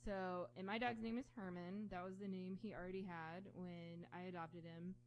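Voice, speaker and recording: Animated woman telling stories, faint hum. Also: fairly low pitch, moderate pace. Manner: animated storyteller, acts out quoted voices. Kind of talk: casual chat.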